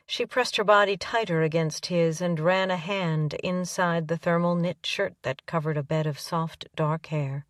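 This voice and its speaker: A woman narrating a romance audiobook in an even, unhurried storytelling manner. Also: fairly low pitch, no echo, clean studio sound, far from the mic.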